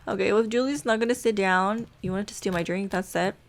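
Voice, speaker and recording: A woman's voice: medium pitch, quick pace. A woman casually narrating a life-sim game story, rambling along with many fillers. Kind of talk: casual storytelling over gameplay.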